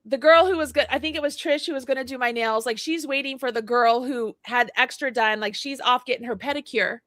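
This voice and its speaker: A bright, fairly high-voiced woman telling a story on a live chat show. She acts out every voice in the tale and gets more and more worked up. The sound is close and dry. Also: a little fast, no room sound. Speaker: co-host. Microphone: livestream mic.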